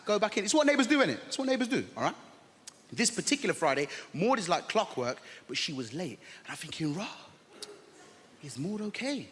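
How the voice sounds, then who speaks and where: Animated comedian working the crowd, high and bright, long theatre reverb. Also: male voice. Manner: animated storyteller, addresses the crowd. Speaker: stand-up comedian. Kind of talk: stand-up comedy set. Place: large theatre stage.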